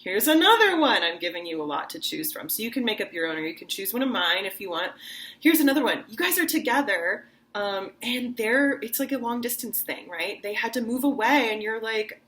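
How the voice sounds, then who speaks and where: A woman's voice: mid-range voice, lively intonation, moderate pace, fairly bright tone. Opera-singer woman as voice teacher, casual and chatty, slips into acted lines. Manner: chatty, full of "like" fillers; acts out short dramatic quotes mid-explanation. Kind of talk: casual online singing lesson.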